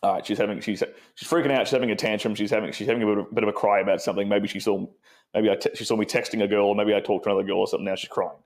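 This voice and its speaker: A man's voice: on the low side, fairly even intonation, rapid-fire. Man, podcast host, frank, plain-spoken, repeats words while thinking. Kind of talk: casual podcast conversation.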